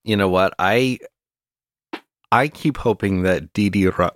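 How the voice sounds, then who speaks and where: A man co-hosting a satirical comedy podcast, talking in a mock-serious, deadpan way and often breaking into laughs. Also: low voice, a little slow, slight background noise. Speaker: podcast co-host.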